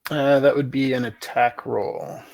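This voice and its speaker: A man's voice: mid-range voice, flat delivery, measured pace, gravelly, darkish tone. A man running a tabletop game as game master, matter-of-fact and asking about the rules.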